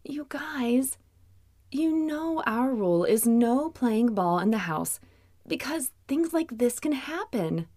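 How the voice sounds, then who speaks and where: A woman's voice: on the high side, animated, slow pace, dry recording, studio quality, pitched above the performer's own voice. A woman doing a concerned, caring mom. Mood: gently scolding. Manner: concerned, gentle. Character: caring mother, gently scolding.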